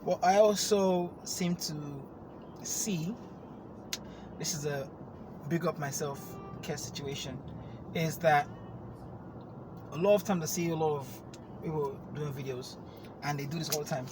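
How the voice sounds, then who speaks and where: A man hosting a casual, unscripted podcast chat, playful and quick to laugh as he riffs. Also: on the high side, background noise. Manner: playful, laughs often, drawn-out filler mimicry. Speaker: podcast host.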